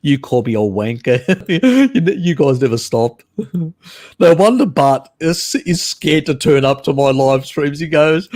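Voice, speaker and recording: A man's voice: fairly high pitch, animated, measured pace, darkish tone. A man hosting a casual live stream, chatting with viewers in a teasing, cheeky way and laughing often.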